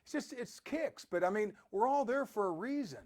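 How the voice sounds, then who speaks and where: A man's voice: high-pitched, lively intonation, normal speed, darkish tone. A man giving a rambling, storytelling motivational talk as a podcast host.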